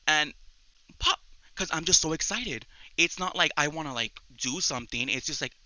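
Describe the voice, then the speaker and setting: A young man hosting a casual solo chat podcast, rambling excitably and often restarting his sentences. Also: fairly high pitch, normal speed, no echo, low-quality recording. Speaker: podcast host.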